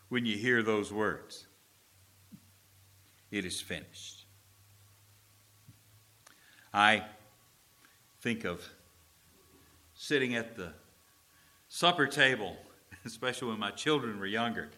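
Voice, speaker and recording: A middle-aged male pastor preaching a sermon, swinging from loud drawn-out proclamations to low, chatty storytelling. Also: big pitch swings.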